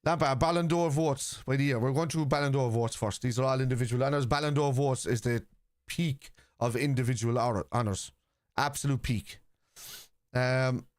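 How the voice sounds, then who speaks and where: A man's voice: mid-range voice, fairly even intonation, normal speed, dry recording, clean studio sound. A man hosting a live football watchalong from his computer at home, arguing with chat, swearing bluntly, and reading stats aloud. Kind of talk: live-stream chat, answering viewers.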